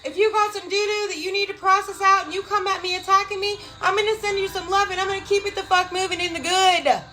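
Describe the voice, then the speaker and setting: A woman hosting a casual live stream from home, talking in an excited, profane, motivational way and greeting viewers by name. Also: very high voice, fast, soft background music. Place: home, with a cat nearby.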